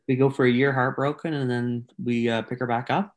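A man co-hosting a casual podcast, joking and teasing, sometimes dropping into a hushed mock-sensual voice. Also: medium pitch, fairly even intonation, fairly quick. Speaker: podcast co-host.

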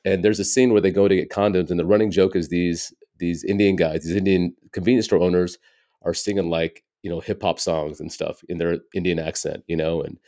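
A stand-up comedian in his forties, an American man appearing as a guest in a casual interview, tells candid, reflective stories and says "you know" a lot. His voice is low-pitched with little pitch movement, brisk and dark in tone.

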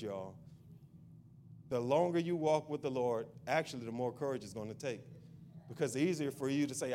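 A man's voice: mid-range voice, moderate pace, darkish tone, a little hiss or hum. A male pastor preaching a sermon in a church. He repeats his point insistently and builds into a fervent prayer.

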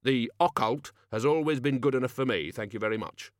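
A man's voice: mid-range voice, fairly quick, dry recording, lightly acted. A man voicing a sardonic older male wizard who grumbles dryly. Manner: dry, grumbling.

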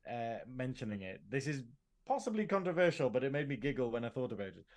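A man co-hosting a podcast, retelling scenes in an animated way and acting out the lines. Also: mid-range voice, fast talker. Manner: animated retelling with acted quotes. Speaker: podcast co-host. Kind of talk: casual review chat.

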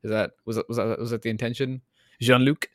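A man's voice: mid-range voice, little pitch movement, fast, fairly bright tone, dry recording. Canadian guy on a comics podcast, rambly and self-deprecating, dry close sound. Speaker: podcast co-host. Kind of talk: casual comedic podcast chat.

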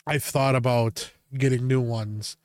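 A man's voice: mid-range voice, measured pace, clean tone, no room sound. Casual, profane man telling stories. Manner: casual, profane, animated when quoting himself. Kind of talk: casual storytelling chat.

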